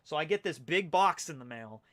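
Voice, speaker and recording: A man's voice: a little high, animated, normal speed, fairly bright tone. A young man chatting loosely from home on a livestream, rambling with lots of fillers as he goes through fan mail. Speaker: streamer reading fan mail. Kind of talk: casual livestream chat.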